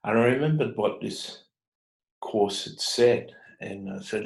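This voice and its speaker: Aussie guy vlogging, deepish gravelly voice, halting and earnest, keeps restarting. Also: rough recording. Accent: Australian. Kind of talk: personal storytelling.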